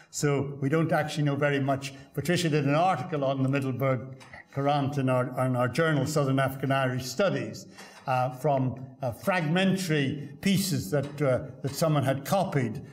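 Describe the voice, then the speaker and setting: An older man, a professor, giving a keynote lecture with anecdotes and dry humour, often pausing on "uh" and repeating words. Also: mid-range voice. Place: lecture hall at a congress.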